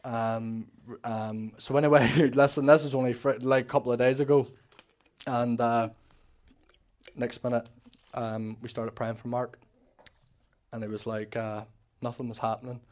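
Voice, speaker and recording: A man's voice: medium pitch, little pitch movement, moderate pace, long pauses, darkish tone. A man, an ex-prisoner giving an emotional, rambling faith testimony to a church congregation. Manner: rambling, emotional storytelling with restarts.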